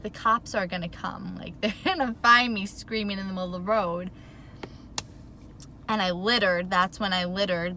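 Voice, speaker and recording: A flustered woman rambles through a casual storytime vlog from her car, her voice bright and a little sharp. She is still worked up and fills every pause with "like." A faint background hum sits under her talk. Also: a little high. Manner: animated, rambling, says "like" a lot. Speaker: vlogger.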